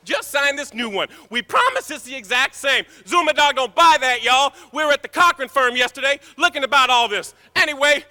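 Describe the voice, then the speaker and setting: Brash, high-voiced man at a podium. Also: expressive, fairly quick, hardly any pauses. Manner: brash, swaggering street-style delivery, rising to shouts. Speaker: public commenter. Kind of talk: public comment at a city council meeting. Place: city council chamber.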